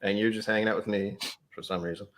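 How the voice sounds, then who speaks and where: A man's voice: lowish voice, fairly even intonation, quick pace. A man hosting a livestreamed whiskey tasting from home, chatting in a playful, self-mocking way and laughing easily. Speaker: host.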